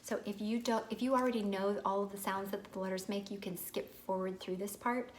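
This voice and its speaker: A young woman teacher talks parents through early reading with clear, patient explanations. Her pitch sits in a middle register, and she slows down to sound out words the way she would for a child. A faint hiss of background noise sits under her voice. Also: fairly even intonation. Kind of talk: instructional video for parents.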